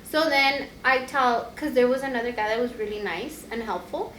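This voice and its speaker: A young woman co-hosting a podcast, telling a chatty travel story and laughing often. Her voice sits a little high. The room is echoey, with a faint hiss under her voice. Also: normal speed, a bit bright. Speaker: podcast co-host. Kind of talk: casual chat.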